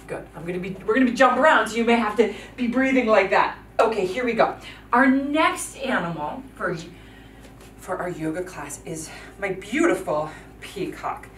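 A woman's voice: medium pitch, animated, normal speed, a bit bright, slight background noise. A woman teaching a yoga class for children, giving cheerful, encouraging instructions and counting out the moves. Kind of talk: guided kids yoga class. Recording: echoey room from a distance.

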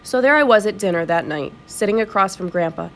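A woman reading a children's novel aloud in an expressive storytelling voice. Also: medium pitch, fairly quick. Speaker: audiobook reader.

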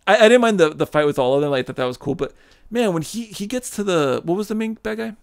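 Animated gravelly man in casual chat. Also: high voice, quick pace. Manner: animated, swearing, acting out quoted voices. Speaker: podcast host.

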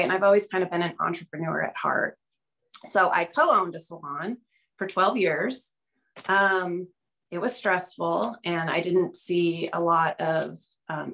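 A middle-aged woman on a video call tells her personal story as a guest in a casual testimonial. Her voice is lowish and a bit bright with vocal fry, and she speaks candidly and a little nervously, using fillers and small laughs.

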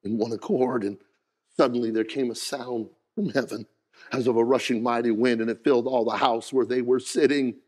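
A man preaching a sermon as pastor, folksy in his wording, moving from hushed storytelling to shouted, rising preaching. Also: mid-range voice, steady tone, moderate pace. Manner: folksy, says "ain't" and "gotta".

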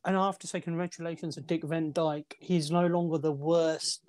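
A man's voice: a little high, fairly even intonation, fairly quick, darkish tone. A man co-hosting a casual movie review chat, rambling through film trivia with restarts and fillers. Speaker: movie podcast co-host.

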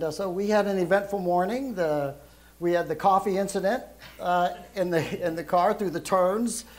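A middle-aged man from Brooklyn, raised in Europe, preaching a casual sermon in a loud voice with lots of ums and uhs. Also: high-pitched. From Brooklyn, New York, raised in Europe. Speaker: guest preacher.

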